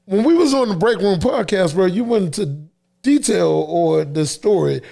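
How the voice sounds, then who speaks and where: Gravelly aave guy on a podcast, voice bounces up and down, lots of "yeah bro". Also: high-pitched, lively intonation, dark tone. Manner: slangy, quick agreeing interjections. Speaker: podcast co-host. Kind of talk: casual chat.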